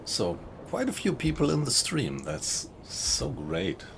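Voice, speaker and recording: A man's voice: mid-range voice, huge pitch swings, takes it slowly, creaky, background noise. A man with a German accent, chatting casually to viewers while streaming a video game. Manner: chatty, thanks viewers, laughs often. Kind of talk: casual live-stream commentary.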